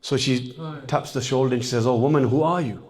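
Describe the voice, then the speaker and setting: A man preaching a sermon, retelling stories and rising to impassioned, high-pitched calls when he quotes. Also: fairly quick, a little mellow. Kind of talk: sermon with dramatic storytelling.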